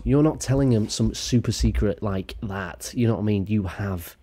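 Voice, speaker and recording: A man's voice: on the low side, normal speed, hardly any pauses, dark tone. A man giving crude, rambling reaction commentary on a video.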